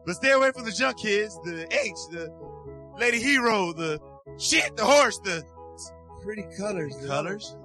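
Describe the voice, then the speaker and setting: An actor playing a brash, boastful junkie pimp puppet clown in a short animated film, over music. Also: male voice, high-pitched, normal speed, heavily acted. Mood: rambling. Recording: film soundtrack with music behind.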